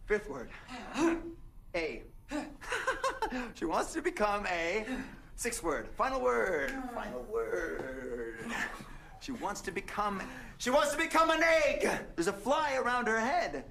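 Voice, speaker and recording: A stammering, flustered fiancé. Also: male voice, high-pitched, very animated, slow pace, gravelly, bright, forceful tone, a little hiss or hum, exaggerated voice. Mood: frantic guessing. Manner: stammering, frantic guessing, many fillers. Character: flustered young male fiancé guessing charades. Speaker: groom-to-be. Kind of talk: film comedy acting.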